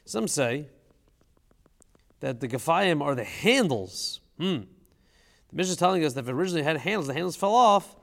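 A man's voice: on the high side, very animated, fairly quick, creaky, long pauses, big-room sound. A man teaching a casual study session, thinking aloud and asking questions, with Hebrew terms mixed into his English.

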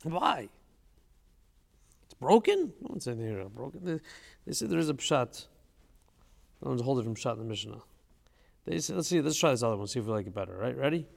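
A man's voice: mid-range voice, very animated, fairly quick, gravelly, pauses often, in a large hall. A man teaching a casual study session, thinking aloud and asking questions, with Hebrew terms mixed into his English.

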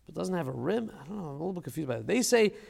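A man's voice: a little high, very animated, very fast, gravelly, darkish tone, slightly rough, in a large hall. A man teaching a casual study session, thinking aloud and asking questions, with Hebrew terms mixed into his English.

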